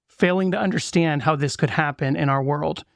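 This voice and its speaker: A man's voice: on the high side, moderate pace, gravelly, no echo, studio quality. A man in his thirties hosting a podcast interview, sincere and openly a fan. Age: 30s. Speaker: podcast host.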